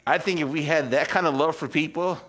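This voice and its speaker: Pastor guy in his 50s preaching at church, kinda high voice, gets loud then real quiet, keeps asking can i get an amen. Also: fairly even intonation, a little fast. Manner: swings from loud emphatic peaks to quiet intimate asides; rhetorical questions and calls for amen. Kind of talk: sermon. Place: church service with congregation.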